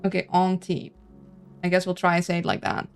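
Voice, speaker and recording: A woman with a lowish voice and a fry-edged, gravelly texture talks her way through a story game. She reads the dialogue aloud and adds chatty, playful asides, sometimes tripping over names. Soft music plays faintly behind her. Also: big pitch swings, rapid-fire. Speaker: let's-play streamer. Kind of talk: casual game playthrough, reading on-screen text aloud.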